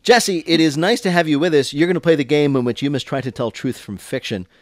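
A man's voice: fairly high pitch, dry recording. Guy hosting a funny radio quiz, playful, dry studio sound. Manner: brisk, playful, joking with callers. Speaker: quiz show host.

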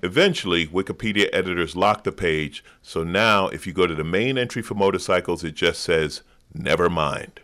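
Guy with a really deep voice, dry jokey story reading. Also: a little fast, few pauses, fairly bright tone. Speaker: comedy panelist. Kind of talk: reading a scripted comic story.

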